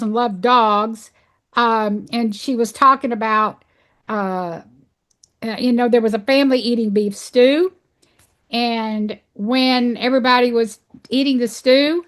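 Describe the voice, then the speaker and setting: A woman's voice: on the high side, a bit bright. A woman guest on a podcast, earnestly telling a personal story in a conversational way, with plenty of fillers and restarts. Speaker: podcast guest, animal sanctuary founder.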